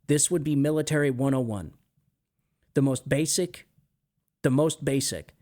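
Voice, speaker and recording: A man's voice: mid-range voice, a little mellow. A man hosting a political commentary show, talking emphatically and repeating his points. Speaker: show host.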